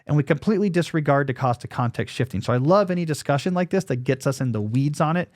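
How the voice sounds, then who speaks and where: A man's voice: a little high, animated, quick pace, darkish tone, dry recording, studio quality. A man in his forties hosting a podcast, explaining his advice in a casual, thinking-aloud way. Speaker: podcast host.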